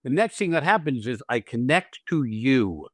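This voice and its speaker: A man's voice: mid-range voice, sing-song, normal speed, dry recording, studio quality. A man hosting a podcast as an acting teacher, talking casually and animatedly, swearing freely and acting out little scenes with quoted lines.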